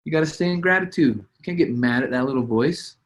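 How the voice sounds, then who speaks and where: Man, business coach, mid-pitch, relaxed chatty delivery with "uh"s and restarts, coaching a group. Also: a little fast. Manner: casual, conversational, many fillers and restarts. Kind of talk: motivational training talk. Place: at a desk, writing as he talks.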